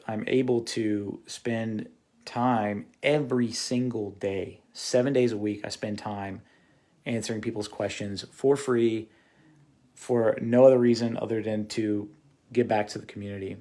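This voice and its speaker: A man's voice: lowish voice, darkish tone. A man hosting a casual livestream, talking earnestly to his viewers with many fillers and restarts. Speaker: host of a phone-flipping channel.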